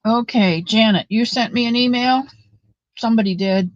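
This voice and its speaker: A woman's voice: a little high, normal speed, no echo, muffled recording. Chatty woman hosting a live stream. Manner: chatty, greets viewers by name, talks recipes. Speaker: livestream host. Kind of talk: casual live chat.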